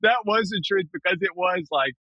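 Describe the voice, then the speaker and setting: A man's voice: high voice, normal speed, sharp tone, dry recording, lo-fi sound. A man who teaches, guesting on a podcast, chatting casually and laughing often. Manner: giggly, laughs between lines. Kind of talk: casual recap chat.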